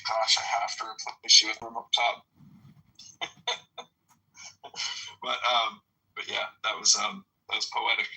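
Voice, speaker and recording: Dry-witted low-voiced man moderating. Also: level tone, a little slow, long pauses, pushed and bright, poor audio. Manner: dry, hesitant, many fillers. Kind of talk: casual audio chat-room talk.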